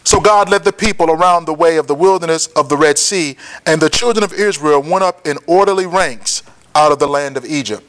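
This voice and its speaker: A man teaching a Bible lesson, often checking that listeners follow and repeating key points slowly for notes. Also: on the high side, a bit bright. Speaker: preacher.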